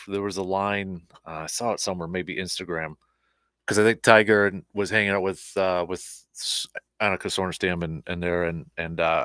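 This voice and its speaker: A man's voice: low-pitched, a bit bright, smooth, no room sound, studio quality. A man hosting a casual sports talk show. He rambles a bit, with plenty of fillers and restarts. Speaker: host.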